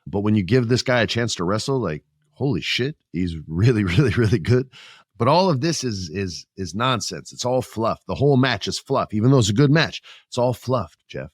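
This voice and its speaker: A middle-aged man hosting a podcast, chatting about wrestling in a lively, joking way. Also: fairly low pitch, normal speed, no room sound, studio quality. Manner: animated, joking, puts on voices. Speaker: podcast host. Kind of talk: casual wrestling chat.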